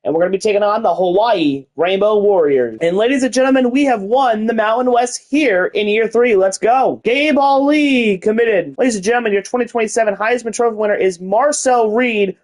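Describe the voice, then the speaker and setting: A man's voice: sits high, a little fast, hardly any pauses, a little mellow. A man giving casual gameplay commentary on a college football video game, rattling off player stats and hyping his team in a mock announcer style, with the odd swear word. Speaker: gaming YouTuber.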